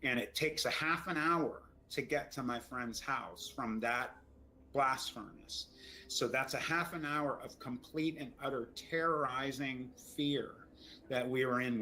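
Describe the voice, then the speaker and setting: A man's voice: mid-range voice, unhurried, sharp tone, a little hiss or hum, poor audio. A middle-aged man telling a frightening story, shaken and stammering, repeating his words as he goes. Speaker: storyteller recounting an encounter. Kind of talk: emotional first-person storytelling.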